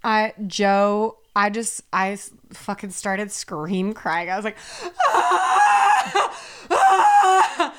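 A young adult woman co-hosting a podcast, telling stories in a casual, profane, animated way. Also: mid-range voice, slow, few pauses, clear, resonant tone. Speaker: podcast co-host. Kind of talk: casual chat.

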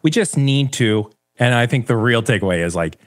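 A man co-hosting a podcast in casual, playful chat, rambling with slow deadpan asides. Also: mid-range voice, no echo, clean studio sound. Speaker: podcast co-host.

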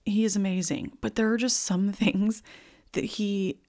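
A young woman hosting a live intuitive reading, talking in a casual, earnest way with many likes and ums, sometimes tearful and dropping into soft whispers. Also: mid-range voice, fairly even intonation, normal speed. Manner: warm, earnest, chatty with frequent likes and ums. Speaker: intuitive reader and podcast host. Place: indoors, filming herself on video.

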